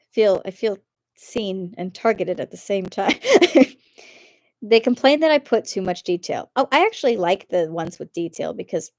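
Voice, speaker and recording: A woman's voice: mid-range voice, expressive, a little slow, a little mellow, no room sound, studio quality. A woman live-streaming as she reads online posts aloud, chatty and giggly, often breaking off to comment. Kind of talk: casual live-stream reading.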